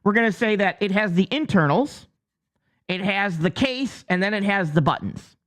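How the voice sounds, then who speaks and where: With a high, slightly bright voice, lively intonation, and normal speed, a man from the United States walks through an explanation on his channel using on-screen drawings. He keeps it casual and jokey, restarts frequently, and peppers in "okay?" check-ins.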